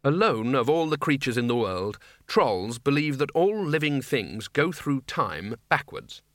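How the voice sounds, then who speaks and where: A man reading a comic fantasy novel aloud as an expressive, playful narrator. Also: medium pitch, measured pace, dry recording, clean studio sound. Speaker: audiobook narrator. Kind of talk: scripted narration.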